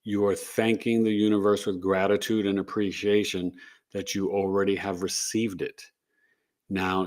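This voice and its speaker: A man's voice: lowish voice, darkish tone. A man co-hosting a casual live stream, speaking earnestly and encouragingly as an astrologer. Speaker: astrologer and podcast co-host.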